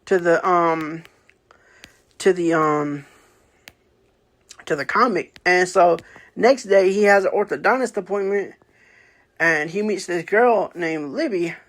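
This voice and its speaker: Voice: mid-range voice, takes it slowly, pauses often, a bit bright. Rambling casual book-review host. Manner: rambling, many fillers and restarts; acts out characters' lines in a raised voice. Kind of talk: casual spoken book review, retelling the plot.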